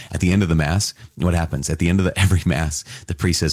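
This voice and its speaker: Deep husky Catholic teacher marveling. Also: male voice, quick pace, no room sound, studio quality. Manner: excited and marveling, with casual asides. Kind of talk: enthusiastic scripture reflection.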